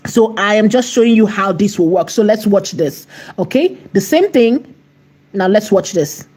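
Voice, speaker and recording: Tutorial host, woman, husky mellow voice, keeps checking in with "okay?", asks herself rhetorical questions. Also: mid-range voice, lively intonation, normal speed. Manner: repetitive, checks in with "okay?" and "right?". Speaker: AI video tutorial creator. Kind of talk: screen-recorded tutorial walkthrough.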